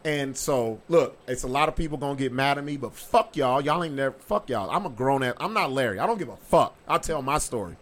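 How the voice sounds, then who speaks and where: A man's voice: mid-range voice, lively intonation, fairly quick, hardly any pauses, a bit bright. A man hosting a podcast, telling stories in casual chat with a swaggering, profane delivery. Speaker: podcast host.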